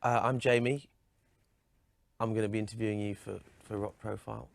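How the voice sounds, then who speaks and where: A man playing a deadpan, patient TV interviewer in a comedy sketch. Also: fairly low pitch, brisk, creaky, no room sound.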